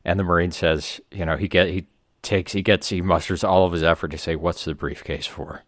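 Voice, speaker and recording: Comedy podcast co-host, deep-voiced man, dry and deadpan, rambling tales. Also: a little fast, dry recording. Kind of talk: casual comedy podcast chat.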